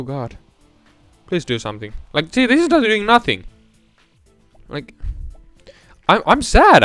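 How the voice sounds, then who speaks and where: A young man giving casual let's-play commentary, rambling between mumbled asides and loud excited outbursts. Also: fairly high pitch, clean tone, no echo.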